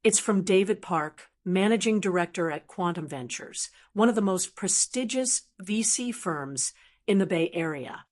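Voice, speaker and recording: A woman with a mid-pitched voice reads a scripted first-person story. Her narration is steady and measured throughout.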